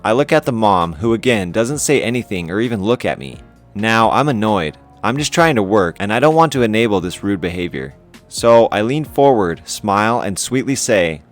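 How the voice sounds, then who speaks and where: A man's voice: on the low side, lively intonation, moderate pace, soft background music. A man hosting a story channel, reading online stories aloud with casual, wry commentary.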